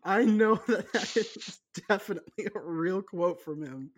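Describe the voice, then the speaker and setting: A man with a notably high voice co-hosting a casual podcast. He rambles, jokes and restarts his sentences often, laughing along as he goes. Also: measured pace. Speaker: podcast co-host. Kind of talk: casual chat.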